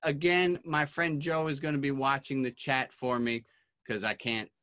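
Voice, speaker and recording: A man's voice: medium pitch, fairly even intonation, normal speed, pushed and bright, clear, resonant tone. A man hosting an online class, calling on each guest by name in a friendly, casual way over a video call. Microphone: computer mic on a video call.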